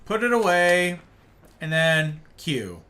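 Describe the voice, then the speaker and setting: A man's voice: on the high side, sing-song, slow, bright, forceful tone. A man streaming a game live, exasperated and ranting about the controls while talking to his chat and a friend.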